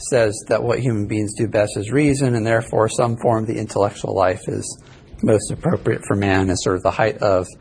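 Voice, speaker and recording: A man's voice: medium pitch, vocal fry, a little mellow, husky. A male ethics instructor giving a casual, rambling classroom lecture that he records live as a podcast. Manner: casual, rambling, self-correcting.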